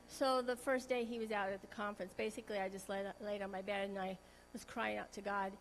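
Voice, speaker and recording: A woman sharing an emotional personal testimony in a church talk, earnest and halting, often restarting her sentences. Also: mid-range voice, flat delivery, a little hiss or hum, poor audio.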